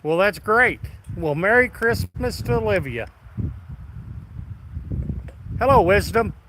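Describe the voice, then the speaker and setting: A man's voice: high voice, animated, moderate pace, pushed and bright, slight background noise, rough recording. A man hosting a casual live stream, greeting viewers by name in a folksy, friendly way. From Midwest of the United States. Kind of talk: casual live stream chat reading comments.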